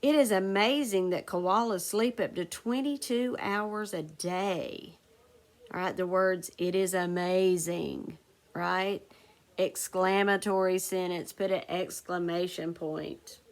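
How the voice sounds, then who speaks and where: Slow, deliberate woman teacher dictating. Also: on the low side, fairly even intonation. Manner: slow, deliberate dictation, spelling words letter by letter. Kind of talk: recorded phonics lesson. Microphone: recorded for a video lesson.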